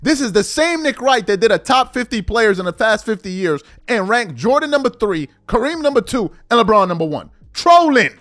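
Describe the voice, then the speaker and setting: Hosting a sports commentary channel, a man with an extremely high, sing-song, slightly bright voice launches into an indignant, mocking rant, mimicking the people he quotes. He keeps a moderate pace with few pauses, and faint music plays behind him.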